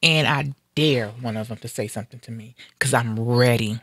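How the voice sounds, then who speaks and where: A woman's voice: very deep voice, normal speed, a bit bright, breathy edge, dry recording. A Black American woman hosting a live stream, speaking out in anger with fierce emphasis in casual, heated talk. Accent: African American. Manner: angry, fiery, emphatic.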